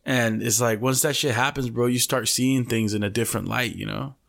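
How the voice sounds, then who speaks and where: A man's voice: mid-range voice, fairly even intonation, a little fast, gravelly, fairly bright tone. A young man co-hosting a podcast, telling long profane stories in a slangy, casual way and dropping Spanish slang into his English. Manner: profane, slangy storytelling full of "bro". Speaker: podcast co-host. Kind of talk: casual chat.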